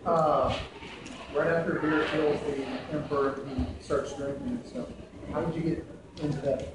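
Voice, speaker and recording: A man in the audience asks the panel an earnest, halting question. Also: on the high side, fairly even intonation, distant mic. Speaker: audience member asking a question. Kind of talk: fan question. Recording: echoey hall, noisy.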